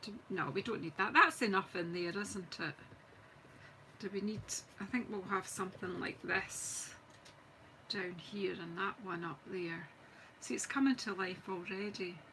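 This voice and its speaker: A woman's voice: medium pitch, a little slow, sharp tone, slight background noise, poor audio. A middle-aged Scottish woman chatting casually as she demonstrates card making on a live stream, talking to viewers while she works and teasing herself. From Scotland. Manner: chatty, self-mocking, talks while working. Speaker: craft demonstrator. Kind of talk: live-streamed crafting chat.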